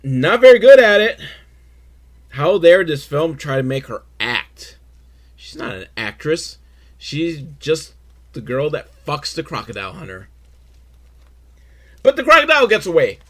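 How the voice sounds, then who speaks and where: A man hosting a podcast, recapping a film in a crude, rambling, self-mocking way with sudden loud outbursts. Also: on the high side, expressive, measured pace. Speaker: podcast host reviewing a film. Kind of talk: casual comedic film recap.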